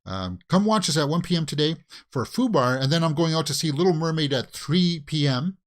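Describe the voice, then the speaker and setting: A man's voice: a little high, lively intonation, brisk. A man with a Canadian accent hosting a casual watch-along reaction, talking back at the screen with pleading, exasperated asides. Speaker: reaction video host.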